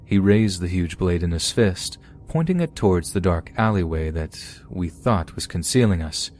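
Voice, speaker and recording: A man hosting a podcast, reading listeners' true horror stories aloud in a steady storytelling way. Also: low voice, moderate pace, a little hiss or hum. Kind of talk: scripted horror story narration.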